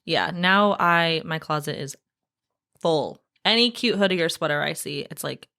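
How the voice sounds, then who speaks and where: Host note: woman, very expressive pitch, playful and teasing, casual chat. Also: normal speed, gravelly. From lives in Houston. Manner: laughs easily, teasing, lively. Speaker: podcast host.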